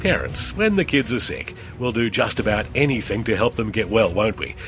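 A man introducing a radio program, speaking directly and warmly to listeners. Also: lowish voice, very animated, normal speed, soft background music. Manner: friendly direct address to listeners.

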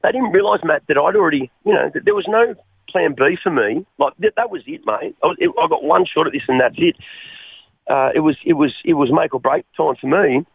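An Australian man telling his life story as an interview guest, halting and repeating his words, often calling the host mate. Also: fairly high pitch, very animated, gravelly, husky, no room sound. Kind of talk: personal testimony in an interview. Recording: phone-like narrow line.

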